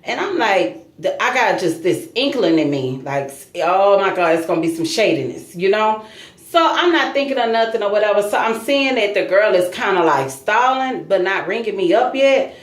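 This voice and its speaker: A woman vlogger telling a true story to her viewers in a casual, animated, emphatic way. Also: medium pitch, normal speed, echoey room.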